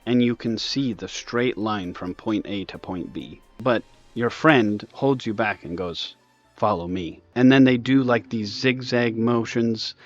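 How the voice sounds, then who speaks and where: A man's voice: lowish voice, dull audio. Exasperated man ranting over gameplay. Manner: exasperated, animated ranting with sudden bursts. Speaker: gaming video host.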